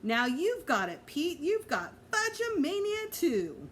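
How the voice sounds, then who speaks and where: A woman's voice: fairly high pitch, very animated, moderate pace, slight background noise. A woman voicing a playful, cheeky little boy who talks eagerly and chirpily. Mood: wild.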